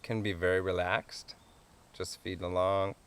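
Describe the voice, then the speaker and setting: A man with a fairly low voice walks listeners through a hands-on calling tutorial. His explanations are relaxed and homespun, and small chuckles break in often. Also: moderate pace, clear, resonant tone. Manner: easygoing, chuckles often, plain folksy explanations. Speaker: wildlife calling instructor.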